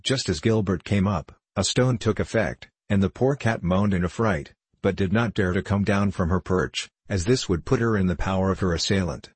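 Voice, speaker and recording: A man narrating an audiobook in a steady, measured reading style. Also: low-pitched, breathy edge, no room sound. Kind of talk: scripted narration.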